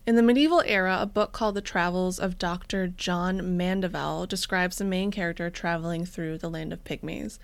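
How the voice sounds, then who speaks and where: A woman's voice: lowish voice, fairly even intonation, brisk, creaky, few pauses, no room sound. Dry-sounding woman in casual podcast chat. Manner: joking, storytelling, laughs often. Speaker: podcast co-host.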